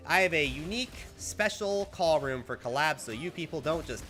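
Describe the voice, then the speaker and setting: Chatty upbeat male streamer, lively pitch. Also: fast talker, few pauses, faint music behind. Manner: chatty, upbeat, reads chat aloud, full of "like" and "right?". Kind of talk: casual live-stream chat with viewers.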